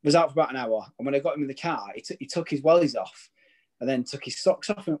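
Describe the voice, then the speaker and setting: A man's voice: medium pitch, fast talker, a little mellow, slightly rough. A British man in his thirties telling rambling, chatty stories. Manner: chatty, rambling storytelling with restarts. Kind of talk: casual chat.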